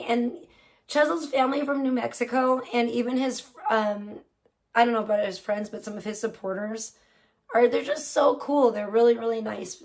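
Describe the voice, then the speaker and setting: A high-pitched woman talks straight to her livestream chat. She swears freely and speaks bluntly and heatedly, like she's venting to friends from a home streaming setup. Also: creaky, a little mellow. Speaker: livestream host. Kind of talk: casual live-stream chat with viewers.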